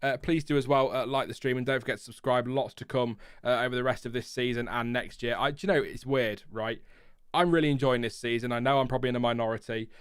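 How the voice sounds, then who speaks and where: Man, livestream host, chatty, smooth clear voice, dry close sound. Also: medium pitch, steady tone, fast talker, dry recording. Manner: chatty, laughs often, reads chat and press releases aloud. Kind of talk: casual live stream chat.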